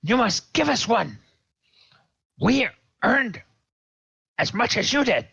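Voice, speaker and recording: A man voicing a small, spiteful male kobold in a tabletop game, with a shrill, snarling voice. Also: very animated, slow pace, creaky, pushed and bright, husky, no echo, dull audio, exaggerated voice. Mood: resentful.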